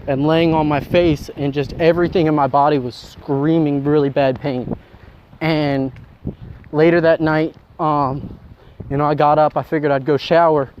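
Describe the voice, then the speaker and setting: A young man telling a personal story in a casual, rambling way, with many fillers. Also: a little high. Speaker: vlogger. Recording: dull lo-fi sound with faint noise.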